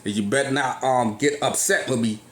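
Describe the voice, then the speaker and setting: A man's voice: mid-range voice, fairly quick, roomy sound, slight background noise. Agitated man in his thirties ranting. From California. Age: 30s. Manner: agitated, rambling, swings loud and soft. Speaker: vlogger. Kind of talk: casual rant to phone camera. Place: grocery store. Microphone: phone.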